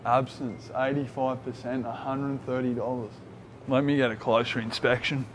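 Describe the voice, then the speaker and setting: A man's voice: medium pitch, flat delivery, normal speed, slight background noise. A young man in his twenties with an Australian accent, vlogging in a brash, joking way and swearing freely. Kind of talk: casual vlog.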